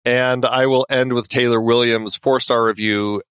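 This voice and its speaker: A man co-hosting a film podcast, talking in a relaxed, easygoing way. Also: mid-range voice, a little slow, clean tone, no room sound. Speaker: podcast co-host. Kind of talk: casual film podcast chat.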